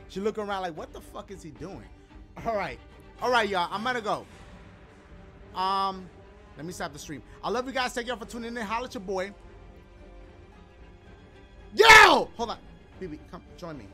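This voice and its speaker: A man's voice: sits high, lively intonation, fast talker, pushed and bright, soft background music. A man streaming a game, chatting casually and reading donations in loose slang with joking asides. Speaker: gaming streamer.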